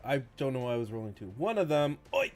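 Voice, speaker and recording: A man's voice: medium pitch, sing-song, fast talker, darkish tone. A young man taking part as a player in a tabletop game, talking casually and with some hesitation.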